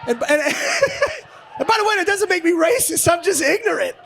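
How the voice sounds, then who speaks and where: Man, stand-up comedian, very high voice for a man, brash profane rant, noisy live club audio. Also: big pitch swings, moderate pace, vocal fry. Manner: brash, profane, ranting, often shouting.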